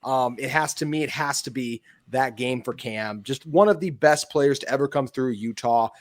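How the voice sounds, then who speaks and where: A man's voice: medium pitch, moderate pace. A man hosting a sports podcast, chatting in an upbeat way and steering the talk from one topic to the next. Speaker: podcast host. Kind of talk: casual sports chat.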